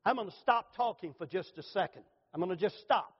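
A middle-aged male pastor delivers a fervent sermon in a high voice, pressing hard on key phrases before softening to a hushed altar call. The sound rings with long reverb in a church sanctuary. The recording is dull and lo-fi. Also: expressive, brisk, breathy edge. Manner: fervent preaching, rising emphatic pitch, hushed at invitation.

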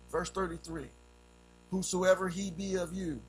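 A man preaching a sermon, telling a story with sound effects and swinging between loud and hushed delivery. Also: high-pitched, normal speed, faint music behind, rough recording.

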